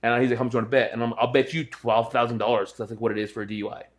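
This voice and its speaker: A man's voice: medium pitch, steady tone, very fast. A young man co-hosting a podcast, telling a story in casual chat and acting out his friends' voices. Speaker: podcast co-host.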